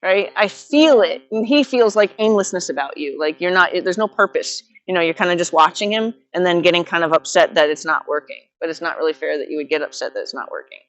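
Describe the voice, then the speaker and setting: Pitched somewhat low, a woman instructs a horseback riding student live, delivering even directions alongside short, repeated praise.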